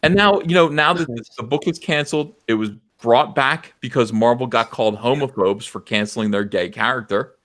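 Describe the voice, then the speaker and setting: A man hosting a live stream, ranting loudly and passionately and mocking others in put-on voices. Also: mid-range voice, fairly quick, hardly any pauses. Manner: loud, impassioned, mocking impressions. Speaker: livestream host. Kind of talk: heated livestream rant.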